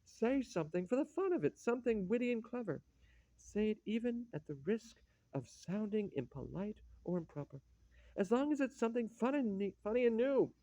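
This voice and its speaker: A man performing a stage play as a reading, in an expressive, theatrical manner. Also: on the high side, no echo. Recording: dull lo-fi dry recording.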